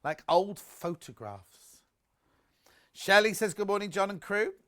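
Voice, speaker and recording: A man's voice: high voice, expressive, a little slow, pushed and bright. A man presenting a live home shopping broadcast, chatty and gushing, reading out viewer messages as he shows products.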